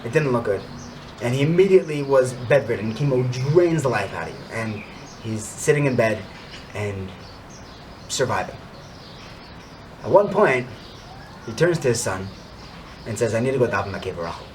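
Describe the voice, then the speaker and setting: A man telling an inspirational story and drawing a religious lesson, swinging from hushed to emphatic. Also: mid-range voice, expressive, normal speed, long pauses, slight background noise. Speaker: storyteller and teacher.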